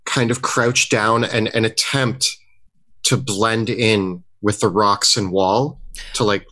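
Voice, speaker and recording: Man, tabletop player, lowish voice, casual, thinks aloud. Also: steady tone, slow, sharp tone.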